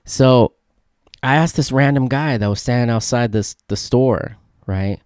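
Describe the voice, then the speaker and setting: A young man from California, hosting a casual solo podcast and telling a rambling, excitable story full of "dude" and "like". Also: medium pitch, measured pace, clear, resonant tone, dry recording, studio quality. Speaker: podcast host.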